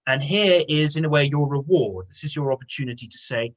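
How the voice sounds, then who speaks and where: A man's voice: fairly high pitch, fairly quick, poor audio. A man teaching an online English lesson. He explains patiently and repeats key words. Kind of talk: online lesson with reading aloud.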